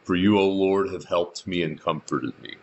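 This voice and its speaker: A man's voice: low-pitched, moderate pace, gravelly, darkish tone, lo-fi sound, a little hiss or hum. A male pastor reading scripture verse by verse and adding his own remarks, with dry asides in between. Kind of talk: verse-by-verse Bible teaching.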